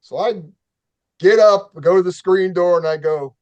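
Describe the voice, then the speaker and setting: A man hosting a casual talk show, telling a story in an animated, profane way and acting out the quotes. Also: fairly high pitch, slow, pauses often, smooth, highs cut off. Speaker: show host.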